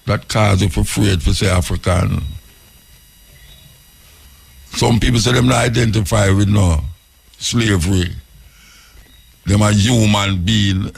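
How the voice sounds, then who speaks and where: A Jamaican man hosting a radio talk show, speaking slowly and reflectively, posing question after question and chuckling between points. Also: fairly low pitch, gravelly.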